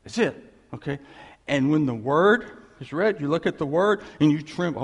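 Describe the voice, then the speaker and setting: A male pastor preaches with a gravelly, husky voice and a pitch that rises and falls a lot. He talks casually and wryly, often acting out God's words in a relaxed way. His voice carries a long reverb from a large hall. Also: normal speed. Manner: conversational, wry, quotes God in a casual voice. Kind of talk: sermon.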